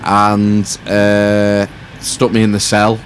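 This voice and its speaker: Over a faint hiss or hum, a man co-hosting a podcast tells a rambling story in a fairly low, monotone voice at a slow pace. He swears freely and pokes fun at himself in this casual storytelling chat.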